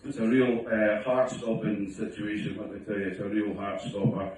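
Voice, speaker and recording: A man's voice: little pitch movement, moderate pace, darkish tone, slight background noise. A middle-aged man doing a self-mocking stand-up routine, sometimes putting on his wife's voice. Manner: wry, self-mocking, acts out his wife in a higher voice. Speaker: stand-up comedian. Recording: distant phone recording in an echoey room. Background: audience laughter.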